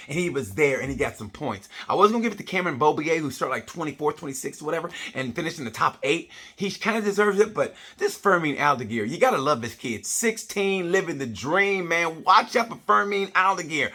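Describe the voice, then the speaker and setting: A man's voice: fairly high pitch, expressive, fairly quick, hardly any pauses, pushed and bright. A middle-aged man giving a casual comedic race review, blunt, profane and rambling. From United States. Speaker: motorsport vlogger.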